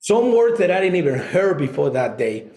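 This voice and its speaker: A male guest telling a personal story conversationally, often halting and restarting. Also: sits high, sing-song, dark tone, reverberant.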